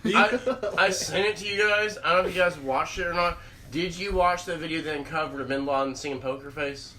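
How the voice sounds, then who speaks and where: This young man from Oklahoma has a high, very bright, sharp voice. He co-hosts a podcast and chats loosely, swearing and laughing with his friends. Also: fairly quick, a little hiss or hum. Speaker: podcast co-host. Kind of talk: casual chat.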